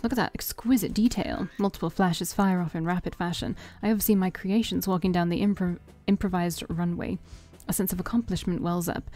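Mellow-voiced woman reading a game aloud. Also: lowish voice. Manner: reads all parts in her own voice, joking asides. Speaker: let's-play streamer reading a visual novel aloud. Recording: faint game music behind.

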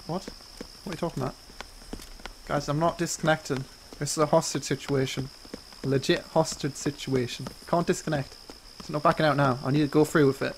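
A man's voice: fairly high pitch, steady tone, a little fast, a little hiss or hum, poor audio. A man streaming a game, chattering nervously and jokingly while pleading with his captors over a headset mic. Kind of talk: live game stream chat.

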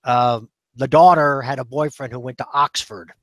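A man's voice: medium pitch, fairly even intonation, moderate pace, fairly bright tone, no room sound. A man telling easygoing anecdotes in casual chat as a podcast guest.

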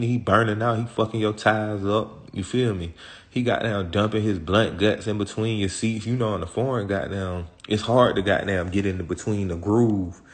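Low-voiced man in profane street talk. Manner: rambling, slang-heavy and profane, constant "you feel me". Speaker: interview guest.

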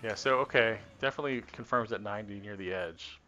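A man with a lowish voice talks quickly in a bright, forceful tone, with a slight hiss or hum on the audio. He casually thinks aloud while practicing combos on a live stream, rambling, trailing off, and correcting himself as he tests. The stream audio is dull and lo-fi, with faint game music behind him.

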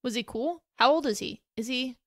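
A woman's voice: high voice, moderate pace, dry recording, studio quality, voice pushed up. A woman voicing a timid, demure teenage girl who speaks shyly. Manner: shy and soft-spoken.

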